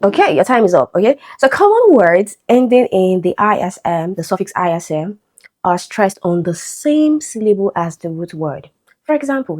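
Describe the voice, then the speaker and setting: A woman's voice: lowish voice, sing-song, moderate pace, darkish tone. A woman teaching an exam-prep English lesson, explaining step by step and checking in with a frequent "okay?". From Nigeria.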